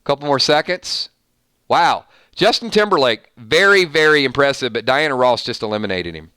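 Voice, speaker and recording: Playful stream host, male, bright crisp voice, dry close mic. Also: medium pitch, moderate pace, dry recording. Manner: playful, animated, reading out votes. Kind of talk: live-stream music matchup chat.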